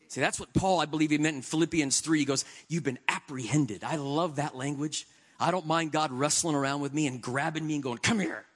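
A man preaching a sermon in an earnest, conversational way, shifting between quiet reflection and emphatic stretches. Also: a little high, steady tone, a little fast.

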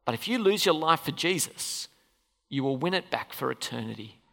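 A pastor preaching a sermon in a church hall, animated and full of questions for the congregation. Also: mid-range voice, moderate pace, creaky. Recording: long reverb of a hall.

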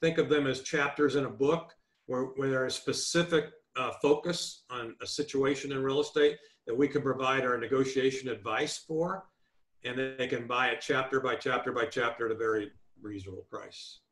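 A man's voice: mid-range voice, steady tone, moderate pace, a bit bright, roomy sound. A man giving real estate negotiation advice as a guest in an interview, emphatic and instructive, laying points out like a list. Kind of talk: remote interview.

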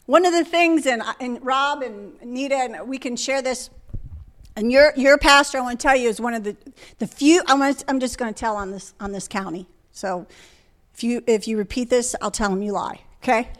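A middle-aged woman delivers a sermon from the pulpit. Her voice sits high, and she presses her listeners with one rhetorical question after another. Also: normal speed. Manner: emphatic, rhetorical questions to the congregation. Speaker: guest preacher.

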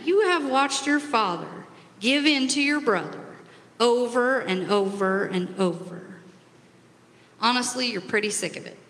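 Woman storyteller, bright and a little high, dramatic second-person delivery, long hall reverb. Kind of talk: second-person scripture retelling.

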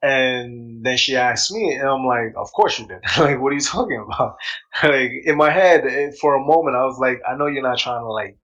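A man in casual chat, telling a story in an animated way, swearing freely and acting out what people said. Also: medium pitch, moderate pace, dull audio.

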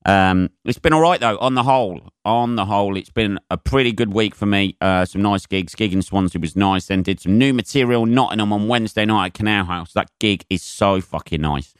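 Sweary, rambling man, low-pitched. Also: fairly quick, few pauses, smooth, no echo, studio quality. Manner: sweary, rambling, loose with fillers. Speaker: podcast host and stand-up comedian. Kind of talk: casual solo podcast chat.

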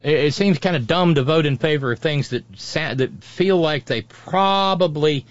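On his political talk show, a man with a slightly high voice talks at normal speed, mocking and sneering his way through sarcastic commentary and impressions. The audio is dry, dull, and lo-fi.

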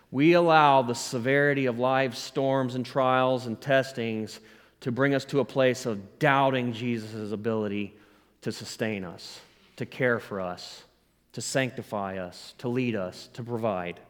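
A man pastor preaching a sermon with rising emphasis, asking the congregation to respond. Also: medium pitch. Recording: long hall reverb.

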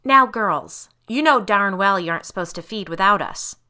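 A woman's voice: mid-range voice, animated, normal speed, pushed and bright, smooth, pitched above the performer's own voice. A monster father, voiced by a woman narrator, scolds his daughters in a firm, raised voice. It is a spooky storybook read aloud. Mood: scolding. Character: father who is secretly a monster.

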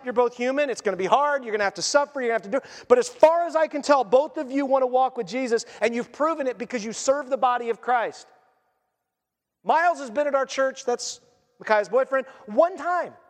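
A middle-aged man preaching a sermon as pastor, animated and acting out the voices in his quotes. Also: very high voice, in a large hall. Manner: animated, acts out quotes, restarts often.

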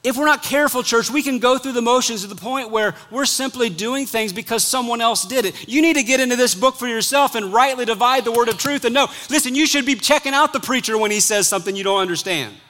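A middle-aged man preaching a sermon as pastor, animated, acting out quotes and dropping suddenly quiet. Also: very high voice, fast talker, few pauses.

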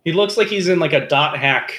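A man with a fairly high, bright, forward voice chats casually about shows. He is animated but hesitant, backing up and restarting his sentences. His delivery stays loose and conversational throughout. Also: fairly quick. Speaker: podcast co-host. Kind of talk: casual anime discussion.

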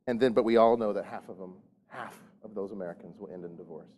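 A man's voice: lowish voice, a little fast, a little mellow. A man preaching a sermon to his congregation in a casual, joking way, often restarting and repeating words. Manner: conversational, jokey, frequent restarts and repeated words. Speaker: pastor.

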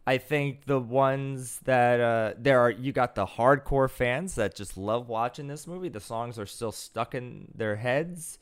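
A man's voice: medium pitch, unhurried, few pauses, clean tone. A man co-hosting a casual movie podcast, rambling with lots of fillers and restarts. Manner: rambling, filler-heavy, self-correcting. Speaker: podcast co-host. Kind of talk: casual chat.

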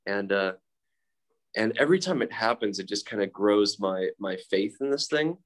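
Candid, swearing man with a lowish voice. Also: animated, moderate pace. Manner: candid, profane, self-mocking, with frequent fillers. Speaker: speaker sharing at a recovery meeting. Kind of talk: casual personal storytelling.

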